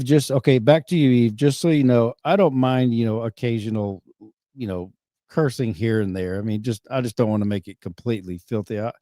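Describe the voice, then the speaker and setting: A middle-aged man hosting a podcast, chatting casually in a rambling, halting way, often correcting himself mid-sentence. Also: mid-range voice, dark tone, dry recording, studio quality. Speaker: podcast host. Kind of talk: casual chat.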